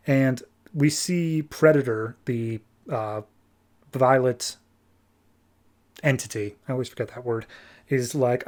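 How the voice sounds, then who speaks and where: Male podcast host, mid-pitch voice, breezy recap with quick character voices. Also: fairly even intonation, darkish tone. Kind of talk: casual comic book recap.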